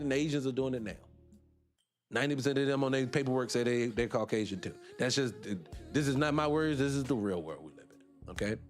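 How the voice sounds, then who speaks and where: Guy with a high voice doing a livestream rant, lots of rhetorical questions, faint music under it. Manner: rhetorical questions, wry laughs. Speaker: livestream host. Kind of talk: casual livestream monologue.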